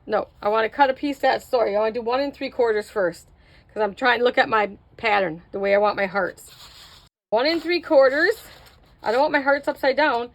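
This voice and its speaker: Middle-aged woman, fairly high voice, casual craft tutorial host, chatty and self-mocking. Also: brisk. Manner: chatty, self-mocking, talks to viewers while working.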